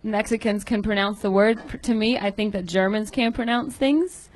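A woman's voice: medium pitch, normal speed. A woman on a live comedy panel, chatty and encouraging as she thinks aloud about a comic's joke.

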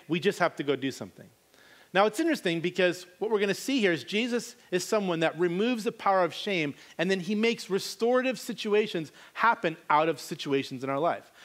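A man's voice: sits high, a bit bright. A man preaching a sermon, reading scripture and then retelling it in casual, conversational modern speech.

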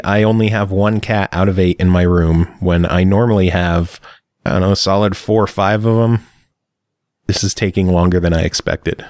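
A man hosting a podcast at home, relaxed, reading news items then chatting bluntly. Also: on the low side, no echo, clean studio sound. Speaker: podcast host. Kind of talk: casual news chat. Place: home room with cats.

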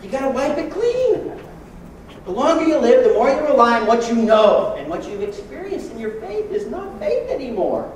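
Guy preaching a sermon, jokey and lively, heard from far off in a big echoey church room. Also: very high voice, normal speed, a little hiss or hum. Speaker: pastor.

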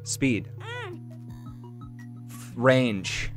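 A man streaming a video game live, joking and reacting excitedly as he chats with viewers. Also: mid-range voice, very slow, soft background music. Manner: excitable, jokey, breaks into song snatches. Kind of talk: live gameplay commentary.

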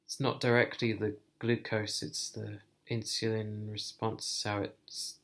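A man talking to camera in a personal vlog, thoughtful and hesitant, thinking aloud with many pauses. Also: fairly low pitch, little pitch movement. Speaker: vlogger.

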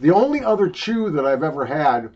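A man's voice: fairly high pitch, big pitch swings, fairly quick, a little mellow, husky, dull audio. An older man rambling and joking crudely while he talks around a wad of chewing tobacco in a casual review video.

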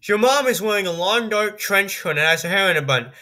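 A woman's voice: medium pitch, lively intonation, brisk, bright, forceful tone. A woman doing gameplay commentary, reading a text story aloud and reacting with incredulous, swearing, laughing remarks. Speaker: video game streamer.

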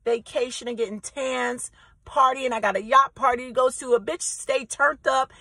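A woman's voice: high-pitched, fairly even intonation, moderate pace, sharp tone, no echo, rough recording. A woman content creator ranting straight to her viewers in a brash, profane, emphatic way, often repeating herself. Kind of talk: direct-to-camera vlog rant.

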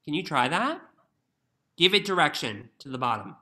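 A man's voice: fairly high pitch, very animated, normal speed, very noisy. A young man teaching violin in an online masterclass, encouraging and singing phrases on nonsense syllables over a video call.

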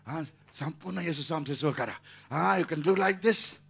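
A man's voice: fairly high pitch, brisk, gravelly, a bit bright, breathy edge. Fervent sixty-year-old male pastor. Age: 60s. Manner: fervent, repetitive call-and-response. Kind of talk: healing service preaching.

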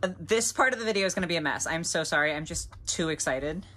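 Young woman, excitable doll-collector vlogger, gushing chatter, slightly low voice. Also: quick pace. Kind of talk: casual haul vlog.

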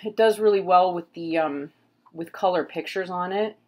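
A woman's voice: lowish voice, normal speed. A middle-aged woman chatting casually at home as she flips through a book, rambling with lots of fillers. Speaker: tarot reader and vlogger. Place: home room with pets.

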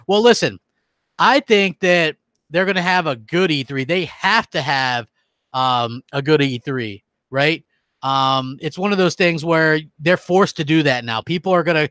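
A man's voice: a little high, animated, measured pace, fairly bright tone, no room sound. A man hosting a gaming stream who rants heatedly and reads out viewer comments. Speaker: gaming channel host. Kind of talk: live-stream rant.

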